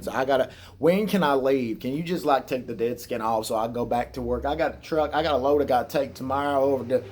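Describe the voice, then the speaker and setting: A man voicing a brash, foul-mouthed trucker with a put-on Southern hillbilly accent, griping in a slow drawl. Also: mid-range voice, a little mellow, lightly acted.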